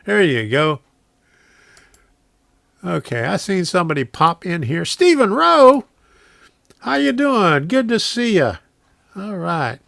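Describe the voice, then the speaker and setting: A man's voice: sits high, sing-song, takes it slowly, creaky, pauses often, a bit bright, no room sound. A man hosting a casual live stream from his home train room, rambling, chuckling often and reading viewers' comments aloud.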